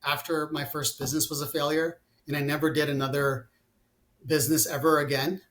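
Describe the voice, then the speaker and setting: A man's voice: a little high, flat delivery, a little fast, a bit bright. A man in his forties, a company founder talking about his business in a casual interview, rambling with many fillers and restarts. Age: 40s.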